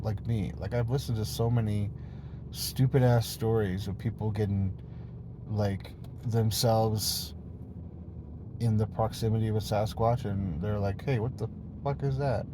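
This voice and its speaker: A man's voice: on the low side, normal speed, noisy background. Rambling, profane, playful man vlogging. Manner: meandering, jumps between topics, swears freely; playful, silly tone. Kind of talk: rambling casual monologue.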